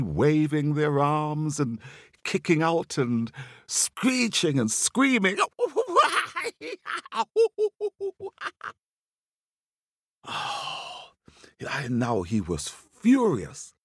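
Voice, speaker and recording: A man from Antigua, telling a folktale for children in a playful, animated way. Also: medium pitch, dry recording, clean studio sound. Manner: animated, playful, acts out the action with his voice. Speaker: storyteller.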